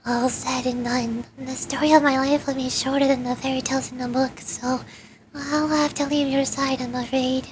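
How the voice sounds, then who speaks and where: A woman voicing a gentle dying mother saying goodbye to her child, soft and slow. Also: high voice, level tone, noisy background, close to an everyday voice. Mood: tender.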